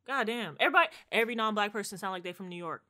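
Bright-voiced blunt young woman. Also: mid-range voice, expressive, rapid-fire. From DC–Maryland–Virginia area. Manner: blunt, opinionated, slangy. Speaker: podcast co-host. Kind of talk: casual chat.

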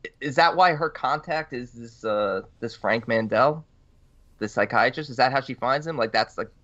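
A man's voice: mid-range voice, normal speed, a bit bright, muffled recording. A man co-hosting a casual film podcast, thinking aloud and restarting phrases as he recalls scenes. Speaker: podcast co-host.

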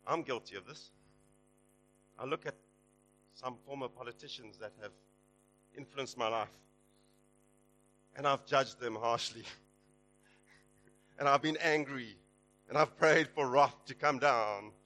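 A man preaching a sermon, exhorting his listeners and rising loud and high on the promises. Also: unhurried, long pauses, faint music behind, poor audio.

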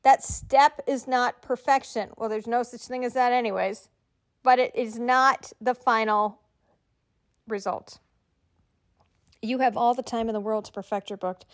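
With fairly even intonation, a slightly high voice, and a somewhat slow delivery broken by long pauses, a middle-aged woman hosts a writing podcast. She encourages her listeners conversationally and tells them what to do.

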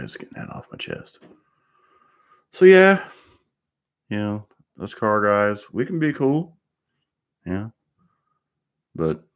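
A man, a car mechanic, ranting bluntly in a rambling monologue and swearing constantly. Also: low-pitched.

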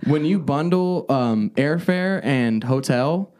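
A man's voice: a little high, slow pace. A man hosting a podcast in casual chat, swearing often and talking emphatically. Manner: profane, emphatic, animated storytelling. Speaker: podcast host.

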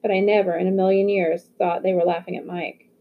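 A woman's voice: on the low side, level tone, fairly quick, slight background noise, close to an everyday voice. A woman reading the lines of a grieving, bitter teenage boy in an audiobook. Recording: phone-like narrow audio.

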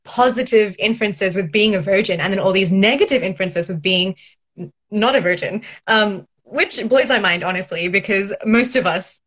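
A young woman with a mid-pitched, everyday voice co-hosting a casual podcast. She questions ideas head-on and wanders through her points with "um" and "like.". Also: moderate pace, a bit bright. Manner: conversational, asks probing questions, rambles with fillers. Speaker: podcast co-host. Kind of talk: casual chat.

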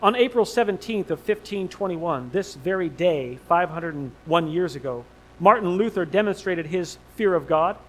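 A man preaching a sermon, swinging between hushed low lines and loud emphatic rises, with much repetition. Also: animated, moderate pace, a little hiss or hum, low-quality recording. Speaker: pastor.

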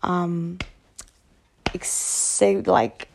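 A woman's voice: fairly low pitch, very slow. A tired woman vlogging candidly to camera, rambling frankly and swearing often. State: tired from lack of sleep. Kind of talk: candid personal talk to camera.

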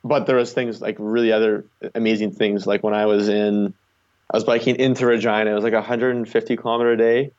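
A young Canadian man tells his road stories in a loose, rambling way, packing every sentence with "like". His voice sits a little low. The recording sounds slightly muffled and dull. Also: little pitch movement, quick pace, darkish tone. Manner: rambling, heavy use of "like" fillers. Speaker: guest, long-distance charity cyclist. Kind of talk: casual storytelling interview.

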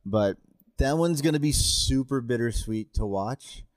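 A relaxed male actor chatting on a podcast and telling a story in an easy, self-mocking way. His voice sits at an ordinary middle pitch, recorded close and dry with no room sound. He swears offhandedly. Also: a little slow, dry recording. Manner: relaxed storytelling, swears casually, laughs at himself. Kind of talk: casual chat.

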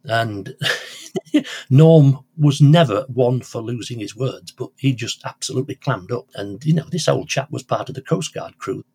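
A man's voice: mid-range voice, animated, unhurried, vocal fry, warm tone, breathy edge. An older man, a radio presenter and collector, telling rambling anecdotes in an interview with many restarts. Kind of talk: conversational interview storytelling.

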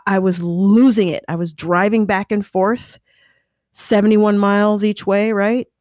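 Woman, entrepreneur, motivational storytelling, animated, dry close sound. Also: mid-range voice, dry recording. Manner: animated, acts out quoted voices, restless self-correcting. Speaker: business owner and motivational speaker. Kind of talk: personal storytelling talk.

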